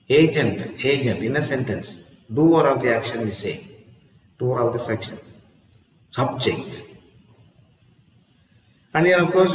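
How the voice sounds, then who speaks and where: A man, teaching a lesson in a slow, repetitive way and often asking "see?" and "huh?". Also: mid-range voice. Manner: slow, repeats each word, asks "see?" and "huh?". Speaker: English teacher. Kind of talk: classroom lesson. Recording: echoey room with long reverb.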